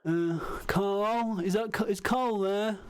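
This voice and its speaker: Man, high-pitched, hesitant rambling host of a comedy sketch. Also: slow pace, smooth. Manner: hesitant, rambling with many ums and restarts. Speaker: radio show co-host character.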